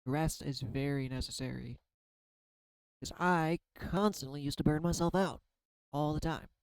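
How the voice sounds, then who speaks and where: Tired guy in his 30s just rambling on, kinda candid, swears a bit, smooth voice, dry mic. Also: a little high, a little slow, no room sound, poor audio. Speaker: tarot reader and artist. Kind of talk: casual spiritual vlog.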